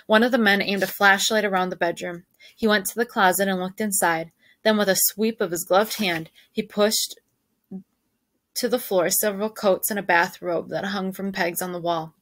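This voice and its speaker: Teacher reading a chapter book to her class, clear and explaining, no room echo. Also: medium pitch, fairly even intonation, normal speed, a bit bright. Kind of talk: reading a novel aloud to students.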